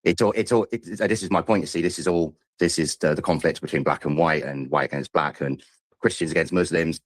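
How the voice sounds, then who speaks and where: Man, British accent, deep voice, rushes his words, stammers, repeats himself. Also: fairly even intonation, no echo. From Britain. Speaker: caller. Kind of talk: call-in rant.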